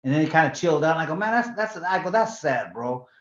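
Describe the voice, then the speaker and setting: A sixty-year-old man from California tells stories as a guest, chatty and rambling, doubling back on his words. His voice sits a bit high for a man. The recording is echoey and dull, like a lo-fi room capture. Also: racing. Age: 60s. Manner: rambling, repeats words, drops into Spanish slang. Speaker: guest, former boxing champion. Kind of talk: casual storytelling interview.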